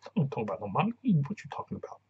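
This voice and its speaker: A man's voice: very animated, rapid-fire, mellow, slightly rough, dull audio, full character voice. A man putting on the voice of a young female pop star in a frantic, defensive breakdown. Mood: panicked. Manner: high-pitched, shrieking, defensive.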